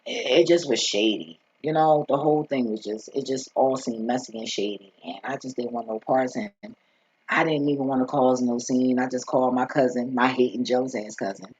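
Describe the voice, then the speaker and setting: A man's voice: medium pitch, normal speed, darkish tone, slightly rough, no echo. A man telling a story in a casual vlog, blunt and profane, rambling with lots of asides. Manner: rambling, profane and blunt, with frequent "you feel me". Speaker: vlogger. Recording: dull lo-fi recording.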